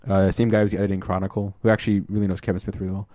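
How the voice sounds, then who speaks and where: A man with a somewhat low voice chatting casually on a podcast. He rambles through a story, slipping into quick put-on voices for the quotes. The sound is dry and close. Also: little pitch movement, warm tone, dry recording. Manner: rambling retelling, acts out quotes in shifting voices. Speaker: podcast host. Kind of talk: casual chat.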